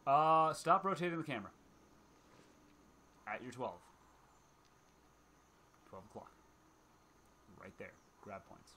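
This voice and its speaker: A young man co-plays a video game, teasing his friend with dry jokes and pointing out where to go. His voice is mid-pitched and relaxed. A steady noisy hiss sits under his voice. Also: slow pace, long pauses. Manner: teasing, dry, gives directions. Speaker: co-player. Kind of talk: casual gaming chat. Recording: noisy home recording.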